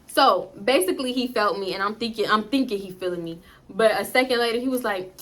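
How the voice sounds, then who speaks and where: A woman vlogger telling a storytime to her viewers in an animated, blunt and profane manner, speaking straight to the audience. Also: fairly high pitch, fast talker, hardly any pauses. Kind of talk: casual storytime vlog.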